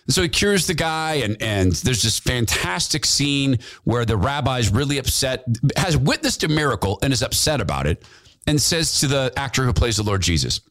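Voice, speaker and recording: A man's voice: medium pitch, animated, normal speed, fairly bright tone. A man hosting a talk podcast, delivering an impassioned opinion monologue and repeating phrases for emphasis. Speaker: podcast host, former radio host.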